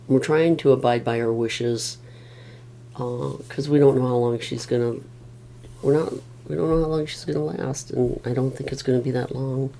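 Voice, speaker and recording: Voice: medium pitch, vocal fry, warm tone. A middle-aged family caregiver rambling wearily in a casual vlog, with many restarts.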